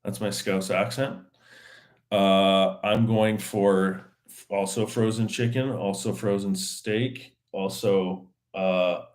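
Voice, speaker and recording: A man hosting his own podcast, chatting casually on his own in a rambling, slangy way with many fillers and restarts. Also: mid-range voice. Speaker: podcast host. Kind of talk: casual solo chat.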